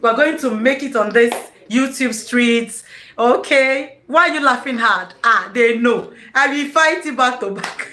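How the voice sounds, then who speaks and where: Nigerian woman, excitable live-stream host, bright and unhurried, roomy echo. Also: a little high, slight background noise. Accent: Nigerian English. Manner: excitable, effusive, laughs often. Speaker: YouTuber hosting a live stream. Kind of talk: casual live-stream chat.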